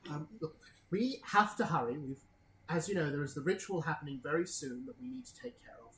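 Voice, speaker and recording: A woman's voice: low-pitched, animated, fairly bright tone. A woman playing a stern older paladin commander. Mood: urgent. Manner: brisk, commanding, tactical. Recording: echoey room with faint noise.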